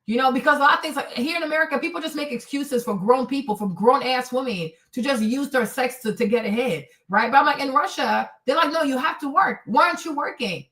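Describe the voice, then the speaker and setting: A woman's voice: high-pitched, fast, few pauses, fairly bright tone, distant mic. A woman hosting a live stream, giving emphatic ranting commentary and repeating points for effect. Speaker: streamer host.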